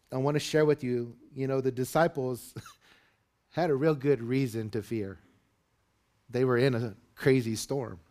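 Earnest male preacher. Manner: earnest preaching, rising loud and high when dramatizing the disciples. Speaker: pastor. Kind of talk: sermon.

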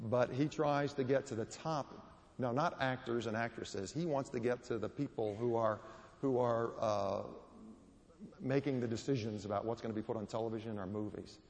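A man's voice: mid-range voice, darkish tone. Guest preacher, man, sermon storytelling with strong emphasis, reverberant church hall.

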